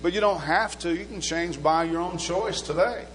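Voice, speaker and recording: A man's voice: sits high, normal speed, fairly bright tone, soft background music, rough recording. A man preaching a sermon in a conversational way, asking rhetorical questions and adding humor. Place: church sanctuary.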